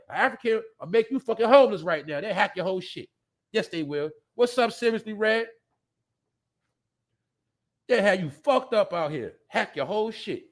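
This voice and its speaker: A man's voice: high-pitched, a bit bright. A man hosting a live show, ranting bluntly and profanely in a rambling way, often laughing. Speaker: podcast host. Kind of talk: casual live-stream rant.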